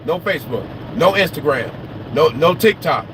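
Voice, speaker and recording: A man with a notably high speaking voice talks straight to his viewers about his life, swearing often and repeating phrases to drive them home. He sounds animated and unfiltered. The recording is outdoors, with clear road and city noise under his voice. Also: normal speed. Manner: animated, profane, repeats himself for emphasis. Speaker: trucker vlogger. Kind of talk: casual outdoor talk to viewers.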